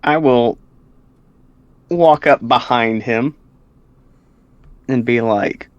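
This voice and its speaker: A man's voice: medium pitch, very slow, no echo. A man playing a character in a tabletop game, laid-back, with a lot of fillers. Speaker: player. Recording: dry, dull lo-fi mic.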